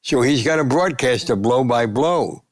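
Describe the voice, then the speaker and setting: A man in his nineties, a guest sportswriter, telling animated anecdotes and acting out the voices of people he quotes. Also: mid-range voice, normal speed. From United States. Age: 90s. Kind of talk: storytelling interview.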